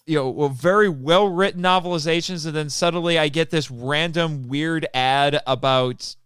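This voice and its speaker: A man's voice: on the high side, normal speed, fairly bright tone, smooth, no echo, studio quality. A man in casual, easygoing podcast conversation, teasing his guest.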